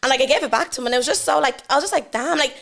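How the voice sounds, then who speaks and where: A young woman, a podcast guest, rapidly retelling conversations and peppering her talk with "like". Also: high voice, lively intonation, gravelly. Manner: rapid, full of "like", retells dialogue. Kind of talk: casual chat.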